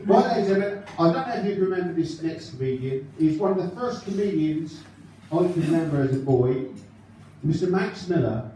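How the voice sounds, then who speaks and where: High-voiced guy chatting between acts at a live show, mellow tone, really echoey hall, far off mic. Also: animated, brisk, a little hiss or hum. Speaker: impressionist comedian. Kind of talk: live stand-up introductions. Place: live concert venue.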